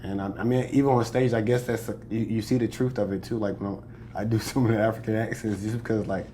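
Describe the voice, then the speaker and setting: A man's voice: fairly low pitch, steady tone, fast, warm tone, a little hiss or hum. A young American man, a comedian, chatting casually in an interview, boastful and joking, laughing often. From United States. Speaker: comedian guest.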